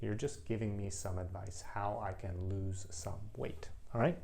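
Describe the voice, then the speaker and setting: A man with a somewhat low voice teaches an English grammar lesson. He talks slowly and with clear emphasis, repeating each example so learners can follow. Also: mellow.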